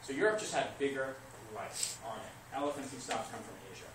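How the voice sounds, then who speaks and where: A man teaching history to a class, lively, asking questions and answering them himself. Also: medium pitch, fairly quick. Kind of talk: classroom lecture. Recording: echoey classroom recorded from far off, noisy.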